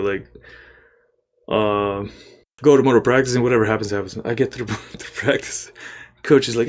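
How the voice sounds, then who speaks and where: A man's voice: lowish voice, normal speed, long pauses, a little hiss or hum. Serbian-accented young man telling stories. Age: young adult. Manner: animated, swears and laughs while telling stories. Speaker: podcast guest, former college basketball player. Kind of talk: casual storytelling interview.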